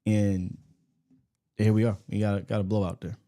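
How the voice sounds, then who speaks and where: A man's voice: on the low side, flat delivery, normal speed, warm tone. A man hosting a casual sports podcast, talking in a loose, joking way and often repeating words. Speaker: podcast host. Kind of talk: casual sports chat and sponsor read.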